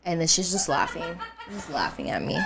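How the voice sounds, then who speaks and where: A woman's voice: fairly low pitch, a little fast, slight background noise. A young woman co-hosting a podcast, telling a dream story in casual chat and acting out the voices of the people in it. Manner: animated storyteller, acts out voices, laughs often. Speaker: podcast co-host.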